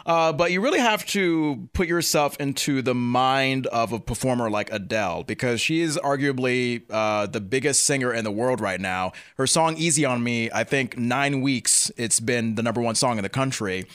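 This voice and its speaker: A man's voice: mid-range voice, moderate pace, hardly any pauses, a bit bright, clear, resonant tone. A man hosting a casual celebrity gossip chat, teasing his co-host in a playful, hesitant way. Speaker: podcast host.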